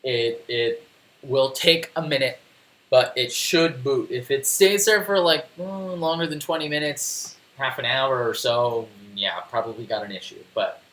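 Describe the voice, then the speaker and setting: A man's voice: mid-range voice, measured pace, a bit bright, echoey room, low-quality recording. A man casually walking viewers through a phone tutorial on a live stream, rambling and answering chat. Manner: chatty, rambling, reads chat aloud, restarts often. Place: home desk.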